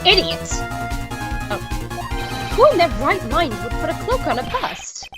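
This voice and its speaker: A woman's voice: very high voice, big pitch swings, moderate pace, voice pushed up. A woman reading aloud the lines of a stern, scornful female prosecutor in a game. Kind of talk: reading game dialogue aloud on a let's play. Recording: game music behind the voice.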